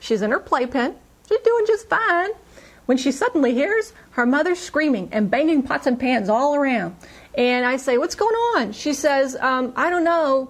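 In casual podcast storytelling, a woman with a slightly high voice animatedly recounts a hypnosis session. Whenever she quotes the client's frightened lines, she acts them out by jumping up in pitch.

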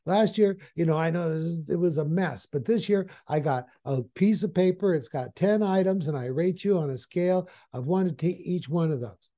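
A man's voice: a little high, moderate pace, few pauses, dark tone, natural voice. A man voicing a friendly, chatty office boss giving an employee his review. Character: friendly middle-aged male office boss.

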